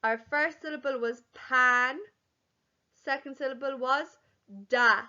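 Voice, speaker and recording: A young woman leads a home-learning lesson for infants, drawing out words slowly and clearly. Her voice sits high and bright. The recording is a little dull and lo-fi. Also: fairly even intonation. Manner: slow, clear, sounding out words for young children. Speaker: primary school teacher. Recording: slightly dull, lo-fi audio.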